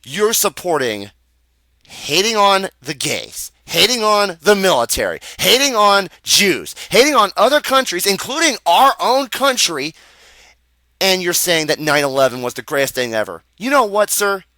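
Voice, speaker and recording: A man's voice: high voice, very animated, moderate pace, bright, forceful tone, no echo. A young American man delivering an angry, profane, improvised rant. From United States. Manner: profane, heated, emphatic. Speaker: video ranter.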